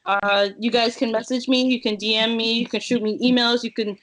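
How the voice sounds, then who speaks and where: A woman's voice: fairly high pitch, little pitch movement, fairly quick, fairly bright tone, poor audio. A woman, a cosplayer guest, chatting casually in an interview, joking and laughing often.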